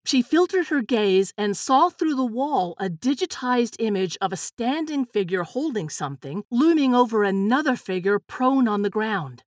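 A woman narrating a storybook in a measured, expressive reading. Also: a little high, no echo, studio quality.

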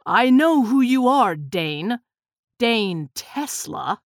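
A cold, scheming man of a storybook villain, put on by a woman reader, slow and menacing with a sneer. His voice sits lower than hers and each threat is drawn out deliberately. The sound is close and dry. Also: big pitch swings, no room sound, exaggerated voice.

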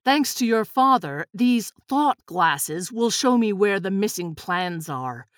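A woman's voice: mid-range voice, animated, slow pace, no room sound, clean studio sound. Woman doing a cold sneering male villain. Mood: menacing. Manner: sneering, menacing. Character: cold scheming male villain, grown man.

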